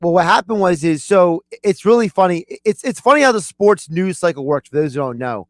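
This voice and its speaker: Lively, high-voiced radio co-host. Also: male voice, dry recording. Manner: lively, fast-talking, opinionated. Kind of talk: casual sports radio chat. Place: radio studio.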